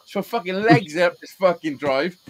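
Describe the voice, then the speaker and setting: A man's voice: sits high, moderate pace, a little hiss or hum, rough recording. A man hosting a live call-in show, telling stories casually with constant swearing and laughing at his own tales. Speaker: host of a live call-in stream. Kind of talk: casual storytelling chat, heavy swearing.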